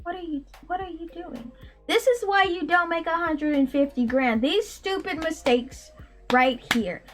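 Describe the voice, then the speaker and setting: A man's voice: very high voice, measured pace, a bit bright, soft background music. A woman imitating a pushy, opinionated man who lectures her and brushes off every answer with repeated "no, no". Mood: scornful. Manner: insistent, dismissive, repeats "no, no".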